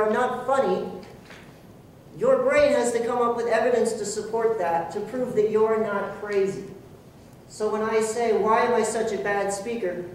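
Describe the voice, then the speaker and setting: A motivational speaker with a high, darkish voice performs his own inner voice while addressing a club audience with earnest self-deprecation. His voice comes from far off in an echoey room, with slight background noise.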